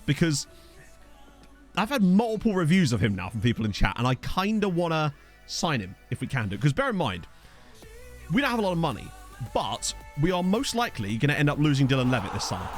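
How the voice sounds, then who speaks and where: A man's voice: medium pitch, big pitch swings, quick pace, faint music behind. A man casually chatting on a live game stream, rambling, joking and thanking viewers as he plays. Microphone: desk condenser microphone.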